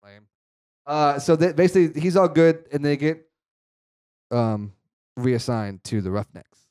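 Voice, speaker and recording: A man's voice: on the high side, measured pace, darkish tone, clean tone. A man co-hosting a casual movie podcast, recapping the plot in a loose, rambling way with lots of asides. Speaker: podcast co-host.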